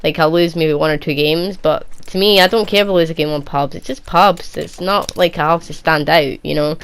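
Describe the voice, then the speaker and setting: A woman's voice: low voice, fairly even intonation, fairly quick, clean tone. A young woman gaming YouTuber answering viewer questions in a blunt, teasing, casual chat. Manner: blunt, teasing, dismissive of bragging.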